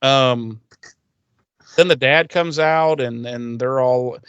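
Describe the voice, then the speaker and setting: A man's voice: mid-range voice, fairly bright tone, clean tone, no room sound, dull audio. A man co-hosting a podcast, casually retelling a TV episode in a rambling, profane way and briefly acting out the characters. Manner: rambling, profane, acts out characters in quick voices. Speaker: podcast co-host recapping an episode. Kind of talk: casual chat, retelling scenes.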